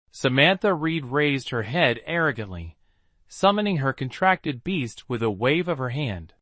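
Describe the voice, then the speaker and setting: A man narrating a story recap with a lively storytelling manner. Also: mid-range voice, measured pace, no room sound.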